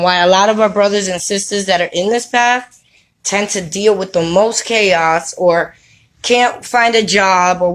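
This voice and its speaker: A medium-pitched woman gives a casual, preachy spiritual talk to camera, her slang streetwise and her refrain "you know what I mean?" The setting is her home with children around, and the recording is rough.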